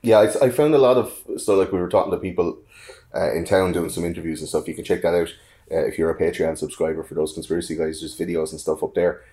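A man's voice: sits low, fast, mellow. An Irish man co-hosting a podcast in casual chat, rambling with fillers and restarts. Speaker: podcast co-host.

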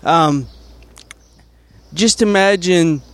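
A man, a comedian guest, talking casually and haltingly, full of fillers and restarts. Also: on the high side. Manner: hesitant, many fillers and restarts. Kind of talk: casual conversation.

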